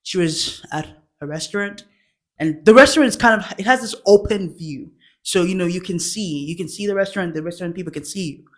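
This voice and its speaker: A woman's voice: fairly low pitch, brisk. A young woman telling stand-up stories, laughing often mid-sentence and acting out quotes. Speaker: stand-up comedian. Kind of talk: stand-up storytelling.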